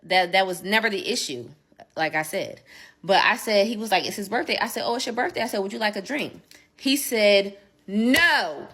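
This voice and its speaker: A woman's voice: mid-range voice, fairly quick, a bit bright. A woman telling a casual story in a vlog, chatty and emphatic, with sassy asides.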